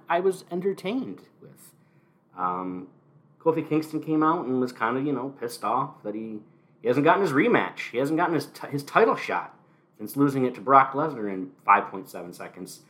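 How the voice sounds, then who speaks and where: Male podcast host, animated delivery, sarcastic commentary, solo recap from home. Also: mid-range voice. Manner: wry, sarcastic asides. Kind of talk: casual solo wrestling recap.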